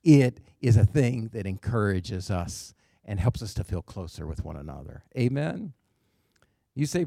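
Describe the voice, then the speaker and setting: A man's voice: fairly low pitch, big pitch swings, unhurried, creaky, mellow, no room sound, clean studio sound. A man preaching a sermon as pastor, emphatic, with call-and-response asides and phrase endings that drop to a near whisper.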